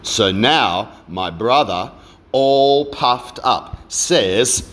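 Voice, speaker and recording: Man, reading a children's poem aloud, very slow, pausing often, lively pitch. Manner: slow, expressive recitation with many pauses. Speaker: poetry reader.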